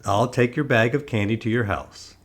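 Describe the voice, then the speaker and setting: A man's voice: mid-range voice, moderate pace, natural voice. A man reading aloud, voicing a blunt policeman talking to a child. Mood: stern. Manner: stern, blunt. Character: gruff grown man policeman.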